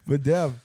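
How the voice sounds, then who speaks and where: A man's voice: very high voice, creaky. A young man co-hosting a podcast, chatting casually, swearing and laughing often as he rambles through stories. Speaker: podcast co-host. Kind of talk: casual chat.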